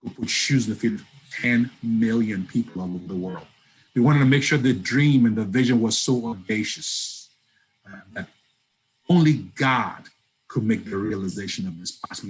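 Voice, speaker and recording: A man's voice: lowish voice, moderate pace, slight background noise, low-quality recording. A man telling a personal story as an interview guest, acting out the lines of people in it. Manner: animated storyteller, acts out dialogue. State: breaks up at times on the line.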